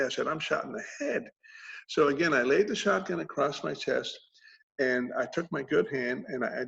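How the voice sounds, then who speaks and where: Man, very gravelly voice, halting personal story, repeats words, dull lo-fi recording. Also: mid-range voice, a bit bright. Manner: halting, repeats words, chuckles through grim details. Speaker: interviewee recounting a combat injury.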